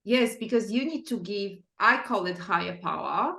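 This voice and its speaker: A woman's voice: medium pitch, animated, moderate pace, creaky, fairly bright tone, echoey room. A woman guest on a podcast, telling anecdotes earnestly in slightly non-native phrasing. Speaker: guest, author and practitioner. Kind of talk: casual conversation, storytelling.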